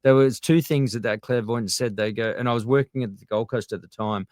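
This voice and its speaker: A man's voice: mid-range voice, a little fast, a little mellow, no echo, studio quality. A podcast host in his fifties telling a story in casual conversation, rambling and hesitant with many ums. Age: 50s.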